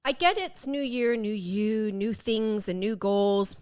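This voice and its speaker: A woman co-hosting a casual podcast chat, animated, laughing often and swearing casually. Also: mid-range voice, slow, smooth. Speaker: podcast co-host.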